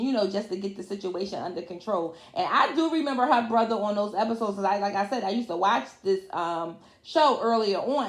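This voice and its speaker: Chatty woman recapping TV, echoey room. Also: on the high side. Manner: chatty, colloquial, laughs often, many fillers. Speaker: reality TV recap vlogger. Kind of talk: casual recap chat.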